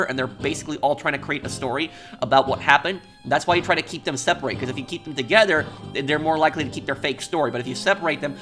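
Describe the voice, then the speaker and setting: A man's voice: a little high, fairly bright tone. A man hosting a let's play, chatty and explaining at length with many fillers and restarts. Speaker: gaming video host.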